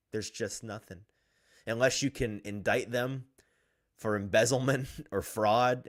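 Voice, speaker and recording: A man hosting a sports talk show, reading out fan comments and ranting in an animated way with frequent chuckles. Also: lowish voice. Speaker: sports podcast host.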